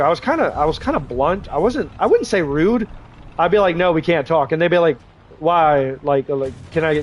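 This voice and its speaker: A man's voice: fairly high pitch, highs cut off. A man in his twenties, stuffed up from draining sinuses, rambling frankly in casual livestream chat with lots of restarts. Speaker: streamer. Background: faint game vehicle noise.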